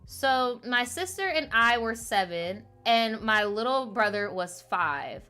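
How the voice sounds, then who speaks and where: A woman with a bright, forceful voice hosts a relaxed show. She reads viewer letters aloud and breaks in with chatty, playful asides full of fillers. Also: on the high side, slow, soft background music. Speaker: podcast host reading viewer stories. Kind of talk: casual chat, reading letters aloud.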